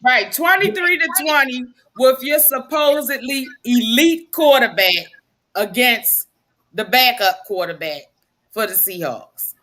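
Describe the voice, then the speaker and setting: A woman co-hosting a casual sports-talk podcast. She speaks very slowly and deliberately, with a bright, sharp tone. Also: on the high side, animated.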